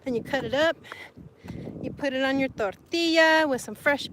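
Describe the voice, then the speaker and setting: A woman's voice: high-pitched, moderate pace, a bit bright, slight background noise. A woman from Sonora, Mexico, chatting casually with viewers on a livestream, laughing often and mixing Spanish words into her talk. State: sweaty and hot. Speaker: livestream vlogger.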